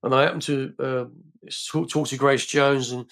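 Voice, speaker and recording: A man's voice: mid-range voice, level tone, normal speed, fairly bright tone. An older man, a film actor guest on a podcast, telling rambling stories full of fillers and restarts. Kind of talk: casual interview storytelling.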